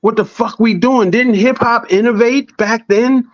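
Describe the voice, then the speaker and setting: A man in a casual podcast chat, swearing freely and preaching with animated storytelling. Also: very high-pitched, measured pace, no room sound, dull audio.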